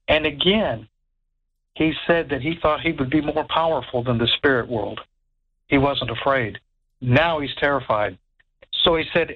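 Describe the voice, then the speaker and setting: A man telling a ghost story in an animated way, stammering, repeating words and acting out what others said. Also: mid-range voice, normal speed, phone-quality sound. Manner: stammers and repeats words, acts out quoted voices. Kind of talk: animated spoken anecdote.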